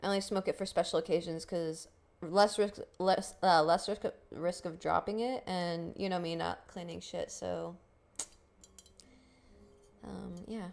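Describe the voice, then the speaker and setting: A woman's voice: fairly low pitch, fairly even intonation, measured pace, vocal fry, a little mellow. A young woman streamer chatting casually on a live stream, rambling, swearing and laughing often. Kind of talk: casual livestream chat.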